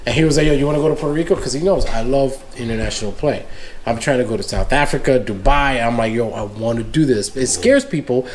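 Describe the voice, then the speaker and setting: A man's voice: medium pitch, quick pace, a little hiss or hum. A man from the United States, a podcast guest in casual chat, telling stories animatedly and acting out the voices of the people he quotes. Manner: animated storyteller who acts out quoted voices.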